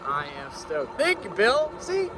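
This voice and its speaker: Heavy background noise surrounds a young man whose extremely high voice swings hugely in pitch as he speaks unhurriedly. He narrates a relaxed, slangy vlog into a handheld camera mic while building outdoors on rural land.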